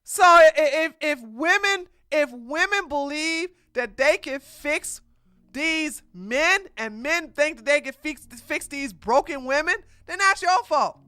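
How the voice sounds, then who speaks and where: A woman streamer with a fairly high, bright, forceful voice delivers casual reaction commentary. She talks bluntly and with heavy emphasis. The sound is close and dry. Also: animated, slow, dry recording. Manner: blunt, emphatic, slangy preaching.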